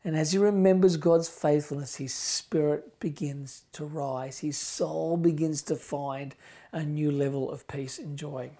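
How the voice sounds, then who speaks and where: Impassioned pastor preaching. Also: male voice, fairly high pitch, fairly even intonation, a little slow. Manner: impassioned, swings between loud emphasis and hushed near-whispers. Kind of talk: sermon.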